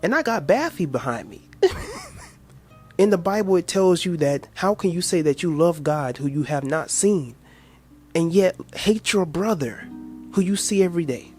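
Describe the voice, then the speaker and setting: A man's voice: high-pitched, very animated, measured pace, darkish tone, faint music behind. A man hosting a reaction video, lecturing in a preachy way, quoting scripture with crude asides.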